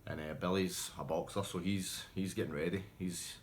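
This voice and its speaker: Guy, low voice, casual rambling pub yarns, laughs a lot. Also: steady tone, moderate pace, slight background noise. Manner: rambling, laughing, self-interrupting. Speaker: storyteller. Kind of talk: casual anecdote telling.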